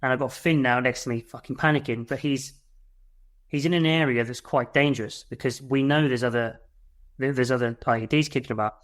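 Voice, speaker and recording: A man's voice: mid-range voice, fairly even intonation, fairly quick. A man, a military veteran, telling a war story as a podcast guest in a blunt way, with swearing. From United Kingdom. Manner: blunt and swearing, re-enacts his shouts.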